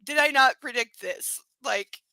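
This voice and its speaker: Woman streamer reading a novel aloud, sarcastic asides, slightly high, bright dry sound. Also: a little slow, dry recording, low-quality recording. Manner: sarcastic, blunt commentary; cooing baby talk to her dog. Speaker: book reader and streamer. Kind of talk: live-streamed book reading with commentary.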